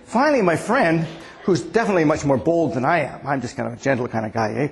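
Soft music plays behind the older pastor as he speaks fast in a creaky voice on the high side. A man in his sixties, he delivers a casual sermon of chatty stories with frequent restarts, echoing through the hall.

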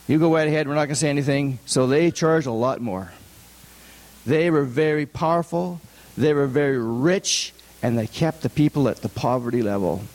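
A man's voice: a little high, a little mellow. A man giving a conversational sermon, often asking his listeners rhetorical questions. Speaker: preacher. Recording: long hall reverb.

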